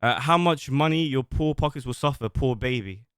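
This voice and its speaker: Talking defensively and at length from home, a streamer reads old messages aloud. His voice is smooth, resonant, and middle-pitched, with lively intonation at a normal speed. A close mic leaves it dry with no echo and almost no room sound.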